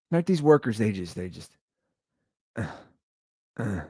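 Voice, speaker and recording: A man in his thirties or forties hosting a podcast, telling stories in a sarcastic, exaggerated, animated comedic rant. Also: lowish voice, measured pace, pauses often, husky, dry recording, clean studio sound. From Anderson Township, Ohio, USA. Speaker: podcast host.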